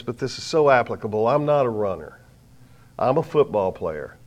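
A middle-aged man with a mid-range voice preaches a sermon to a live audience, telling stories with self-mocking humor. He swings between quiet asides and loud bursts, and the recording is lo-fi.

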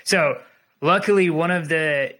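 Young man, podcast host, bright forceful voice, casual storytelling, lively impressions. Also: on the high side, measured pace. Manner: animated, laughing, mimics voices.

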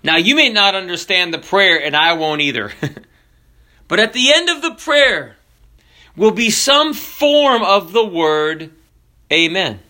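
A man preaching a sermon with jokes and animated storytelling. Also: high voice. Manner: animated, jokey storytelling with drawn-out emphasis.

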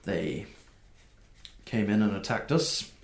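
Brief: man doing a somber woman commander in a tabletop game, unhurried, roomy echo. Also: lowish voice, animated, creaky, exaggerated voice. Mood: grave. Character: grim female watch commander, grieving. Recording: echoey room.

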